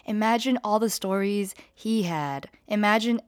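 A woman's voice: mid-range voice, unhurried, dry recording, studio quality. Chatty, profane woman telling a story. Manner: chatty, profane, animated retelling. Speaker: vlogger. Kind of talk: casual storytime.

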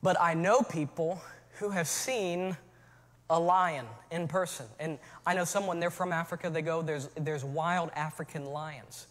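A man preaching a sermon as pastor, moving from relaxed storytelling to shouted calls to his church. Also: on the high side, a little slow, big-room sound.

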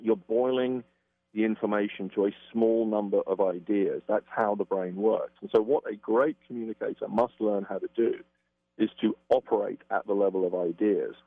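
Man as interview guest, lowish voice, dry tinny phone-line sound, emphatic, acts out examples. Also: no room sound. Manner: emphatic, acts out quoted reactions. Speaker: communication expert guest. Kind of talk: conversational interview explanation.

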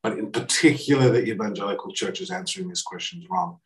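A man's voice: mid-range voice, expressive, quick pace. A man from Australia tells a story to a live audience and plays out the back-and-forth in the dialogue. His voice sits in the middle range and is picked up by a distant microphone. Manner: acts out quoted dialogue, many fillers and restarts. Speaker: guest speaker.

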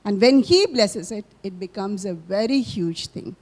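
A woman speaks earnestly in front of her church, giving a testimony full of gratitude. Her voice sits at a moderate, everyday pitch, and she speaks as a mother sharing her own experience. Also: expressive, a little slow, a little mellow. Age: adult with children. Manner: earnest and grateful.

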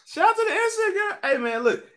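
Lively bright-voiced man bantering. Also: extremely high pitch, fast talker. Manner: animated, laughing, jokey. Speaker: podcast co-host. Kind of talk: casual banter.

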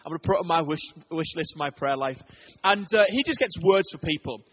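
A man preaching a sermon to his church, telling stories and swinging between loud urgent lines and hushed ones. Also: on the high side, lively intonation, fairly quick, a little hiss or hum. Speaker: pastor.

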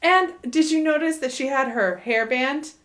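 A woman in her thirties chatting casually as a co-host, telling stories with animated delivery and frequent laughs. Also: high voice, moderate pace. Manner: animated storytelling, laughs often. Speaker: podcast co-host and mother. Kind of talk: casual chat.

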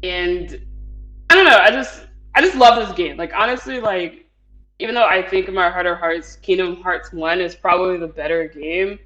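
A man's voice: high voice, moderate pace, sharp tone, faint music behind, low-quality recording. A man chatting casually as a podcast co-host, rambling with many fillers and frequent laughs. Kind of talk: casual chat.

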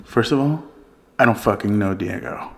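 A man telling a story in casual chat, profane and animated, often breaking into laughter. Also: lowish voice, moderate pace, vocal fry. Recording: echoey room, faint noise.

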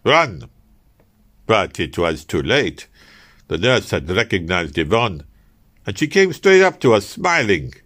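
A man's voice: deep voice, very animated, a little slow, fairly bright tone. A man reading an audiobook, telling a first-person tale in a theatrical way and turning to address his listeners. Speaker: audiobook narrator.

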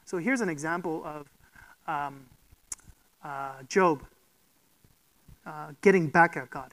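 A preacher delivers a sermon in a voice of middling pitch. The delivery is emphatic and built around rhetorical questions, with frequent check-ins with the listeners. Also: slow, long pauses, fairly bright tone, rough recording.

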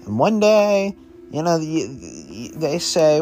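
A young man narrates an improvised story to his listeners, rambling and correcting himself as he goes. His pace is slow and easygoing. Faint music plays quietly underneath. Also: fairly high pitch, wildly swooping pitch. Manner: rambling, self-correcting, casual. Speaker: podcast storyteller.

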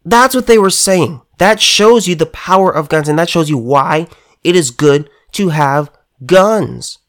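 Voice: medium pitch, measured pace. A political commentator delivering a heated monologue, emphatic and sarcastic, often stumbling and restarting words.

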